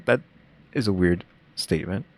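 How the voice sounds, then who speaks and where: A man's voice: sits low, normal speed. A young man hosting a reaction video, talking casually and musing aloud with lots of fillers. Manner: rambling, musing, many fillers.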